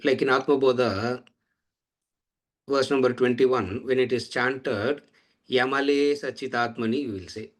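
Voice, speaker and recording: Guy giving a vedanta class, measured pace, chants sanskrit lines slow and soft, mid pitch. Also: steady tone. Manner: measured, chants Sanskrit verses slowly, trailing off softly. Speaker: Vedanta teacher. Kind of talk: scripture lecture.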